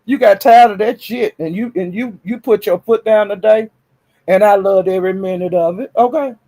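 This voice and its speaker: A man talking casually and sassily on a live stream, swinging into high exclamations. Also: normal speed, warm tone.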